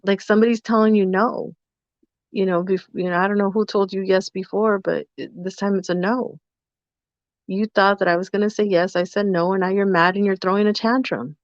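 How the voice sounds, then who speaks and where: A woman's voice: medium pitch, steady tone, fairly quick, no echo. A woman co-hosting a podcast in casual chat, telling a story and acting out both sides of the dialogue. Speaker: podcast co-host. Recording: dull, dry lo-fi sound.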